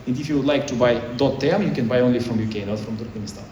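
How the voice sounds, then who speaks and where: A man with a mid-range, darkish voice races through a talk in a conference hall, his non-native English choppy and full of restarts. The hall echoes, the mic is far off, and slight background noise can be heard.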